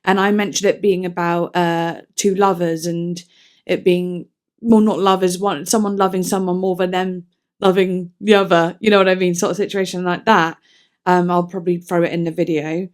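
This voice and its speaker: A woman's voice: lowish voice, little pitch movement, moderate pace, clean tone. A woman talking casually through a song review, chatty and enthusiastic, with self-deprecating asides. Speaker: music reviewer.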